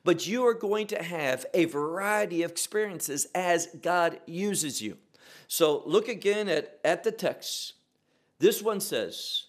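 A man's voice: sits high, lively intonation, slow. A man preaching a sermon as pastor, explaining scripture with rhetorical questions.

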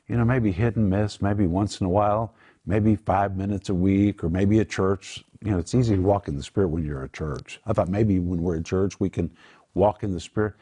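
A man's voice: lowish voice, mellow, slightly rough. An older man hosting a Bible teaching program, earnest and emphatic as he explains Greek words. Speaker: Bible teacher and show host.

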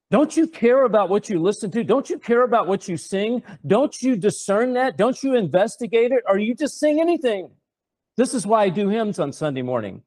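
Fervent preaching man, lively pitch. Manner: fervent, rhetorical, repeats himself. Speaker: host and preacher. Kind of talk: impassioned preaching talk show.

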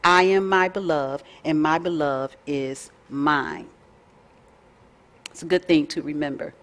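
A woman, teaching a faith lesson in a folksy, chatty way with lively asides. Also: deep voice, slow pace. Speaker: Bible study teacher. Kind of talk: casual teaching talk.

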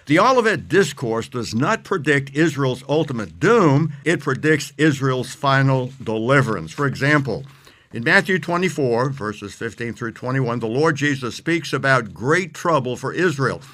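Emphatic man with a bright voice. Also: mid-range voice, animated. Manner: emphatic, reads verses slowly. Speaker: Bible teacher guest. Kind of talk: scripture exposition in interview.

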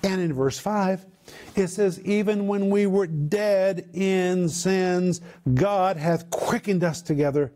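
A male preacher delivering a teaching sermon. His voice sits a little high but sounds dark and mellow. He unpacks the meanings of Greek words and stresses key points by repeating them. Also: slow pace. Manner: expounds Greek word meanings with emphatic repetition.

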